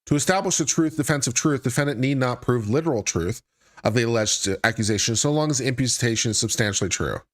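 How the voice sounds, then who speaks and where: On a live stream, a legal commentary host reads from a court filing and keeps interrupting himself with dry, sarcastic asides. His voice is mid-range, lively in intonation, and fast.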